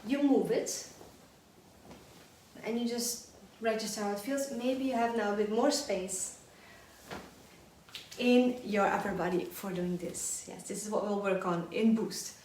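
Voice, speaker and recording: Teaching a live online belly dance class, a woman counts and sings rhythms as she dances, her mid-range voice drifting closer to and farther from the mic. She keeps a measured pace with frequent pauses and sounds energetic. The room is echoey, with faint music and a slight hiss or hum.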